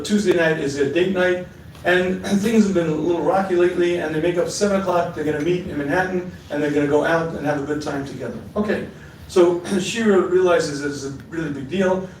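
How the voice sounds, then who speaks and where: A rabbi lectures on marriage, telling stories in an animated way and often pausing to clear his throat. His voice sits a little high for a man. He is recorded from far off, and a large hall's heavy echo surrounds every word. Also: slight background noise. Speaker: rabbi giving a marriage seminar. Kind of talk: sermon-like lecture with storytelling. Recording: echoey hall, mic far off.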